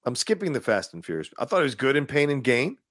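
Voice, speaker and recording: A man's voice: medium pitch, big pitch swings, fast talker, no echo, clean studio sound. A man co-hosting a podcast, talking about movies in casual, opinionated chat and laughing often. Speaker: podcast co-host.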